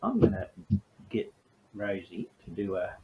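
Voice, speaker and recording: A man's voice: low-pitched, wildly swooping pitch, measured pace. A man, narrating a tabletop game in a chatty, casual way. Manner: chatty, laughing between lines. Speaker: game master and player. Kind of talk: casual solo role-play narration. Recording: slightly dull, faint hiss.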